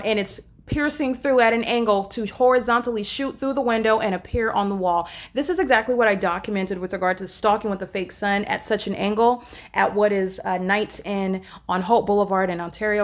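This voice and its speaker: A woman talking unscripted to a phone camera in a hotel room, earnest and insistent, halting often with fillers and restarts as she explains. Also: medium pitch. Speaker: vlogger filming and commenting.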